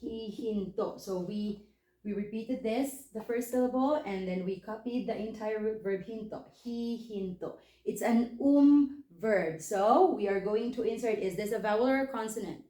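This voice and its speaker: A woman's voice: medium pitch, moderate pace, dark tone, roomy sound. A woman teaching a language lesson, patiently explaining step by step and checking in with questions. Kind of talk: spoken lesson.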